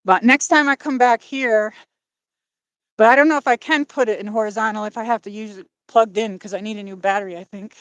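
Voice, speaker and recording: A woman's voice: mid-range voice, steady tone, a little fast, dry recording. Breathless woman chatting on a dusk walk. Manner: rambling, apologetic, talks to chat. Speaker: livestream host. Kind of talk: casual livestream chat while walking. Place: outdoors by a lake at dusk. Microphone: phone on a gimbal.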